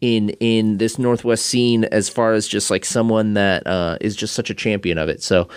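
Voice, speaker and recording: A man's voice: on the low side, steady tone, normal speed, clean tone. Man hosting a casual podcast. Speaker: podcast host, interviewer. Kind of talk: casual interview chat.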